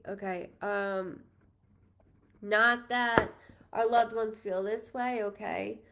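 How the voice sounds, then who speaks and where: A woman's voice: medium pitch, steady tone, takes it slowly, gravelly, pauses often, fairly bright tone, slight background noise. A woman in her thirties from New York, a psychic medium giving a live-streamed reading in a chatty, rambling, apologetic and emotional way. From New York, USA. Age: 30s.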